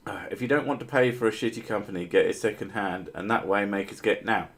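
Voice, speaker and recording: Low-voiced man rambling through casual stream chat. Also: fast talker, fairly bright tone. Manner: rambling, swears casually, many fillers and restarts.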